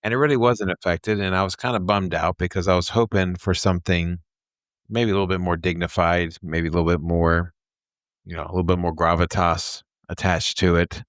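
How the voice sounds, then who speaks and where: Nasal low-voiced man with Texas twang. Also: flat delivery, fairly bright tone, no room sound, clean studio sound. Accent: Mid-Atlantic with Texas twang. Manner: laughs often, unhurried and reflective. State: quieter voice after surgery. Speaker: podcast host. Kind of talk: casual chat.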